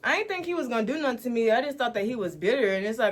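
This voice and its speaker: A woman in her twenties from Dallas, telling a casual storytime to her viewers with animated, dramatic delivery. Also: on the high side, very fast. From Dallas, Texas, USA. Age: 20s. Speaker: storytime vlogger.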